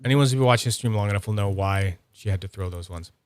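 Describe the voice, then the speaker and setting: A man's voice: on the low side, fast, clear, resonant tone, no room sound, clean studio sound. A man with a Canadian accent hosting a live stream in casual, playful chat, laughing often. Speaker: stream host.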